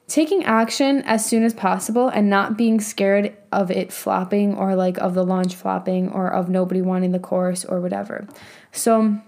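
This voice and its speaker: A young woman with a mellow, soft-edged voice hosts a motivational podcast in a loose, chatty way. She peppers her talk with "like" and drops casual swear words while giving advice. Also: fairly high pitch. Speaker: podcast host and business coach.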